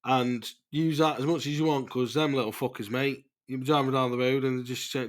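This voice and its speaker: A man's voice: mid-range voice, steady tone, a little fast, few pauses. A man, hosting a casual, rambling voice-note podcast, loose and chatty, swearing freely and laughing at himself. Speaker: podcast host.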